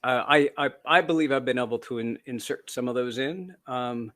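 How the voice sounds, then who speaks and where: A man's voice: mid-range voice, normal speed, fairly bright tone. A Canadian-born man, an author being interviewed, telling stories in a chatty, self-deprecating way with frequent fillers and restarts. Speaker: author guest. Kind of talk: casual interview storytelling.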